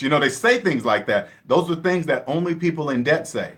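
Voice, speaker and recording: A man's voice: on the high side, lively intonation, normal speed, fairly bright tone. A man from the Seattle area giving an emphatic, repetitive money lecture in a casual vlog monologue. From Seattle area, USA. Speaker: personal finance vlogger.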